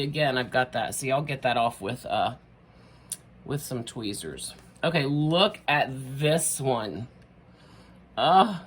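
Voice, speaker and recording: A middle-aged woman, chatting through a casual craft tutorial, bubbly and quick to laugh at herself. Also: extremely low pitch, slightly rough. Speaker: craft vlogger.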